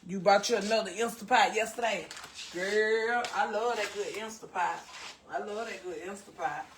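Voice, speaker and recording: A woman's voice: mid-range voice, normal speed, a little hiss or hum. A Southern American woman hosting a casual cooking livestream, chatting folksily with her viewers and calling them baby and child.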